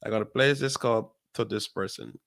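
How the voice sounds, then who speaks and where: A man hosting a call-in talk show, measured and steady, with many fillers. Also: on the low side, gravelly, no room sound. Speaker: host.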